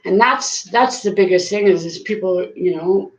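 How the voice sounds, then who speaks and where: A woman's voice: mid-range voice, normal speed. A woman, talking earnestly and casually to viewers on a live stream from her bathroom, with plenty of fillers. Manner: chatty, earnest, with frequent fillers. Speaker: YouTuber doing a live stream. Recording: echoey small room, slightly dull sound.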